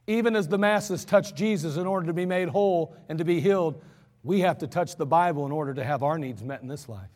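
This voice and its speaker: A man preaching an emphatic sermon, slowing down and repeating lines for stress. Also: a little high, darkish tone, long reverb tail. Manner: emphatic, repetitive, slows for stress.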